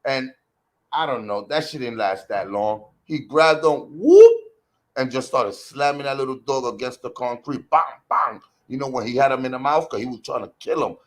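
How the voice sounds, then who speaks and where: A man's voice: mid-range voice, moderate pace. A man telling a story in casual profane chat, acting out the people in it. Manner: profane, animated, acts out quoted voices. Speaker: guest storyteller.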